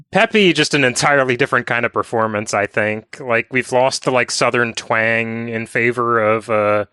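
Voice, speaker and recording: A man's voice: medium pitch, pushed and bright, clear, resonant tone, dry recording, studio quality. A man in casual podcast chat about video games, thoughtful and meandering, leaning on filler words. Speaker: podcast co-host.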